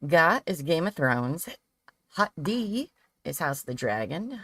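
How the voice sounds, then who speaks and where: A woman hosting a relaxed livestream chat, talkative and giggly, gushing about her favorite shows. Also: low-pitched, slow pace, breathy edge, dry recording. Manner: chatty and giggly, gushes over favorite shows. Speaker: livestream host. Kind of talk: casual chat.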